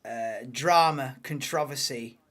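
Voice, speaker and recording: A man's voice: medium pitch, takes it slowly, fairly bright tone. A man hosting a live watchalong, casual banter-heavy commentary that swears and laughs at his own jokes.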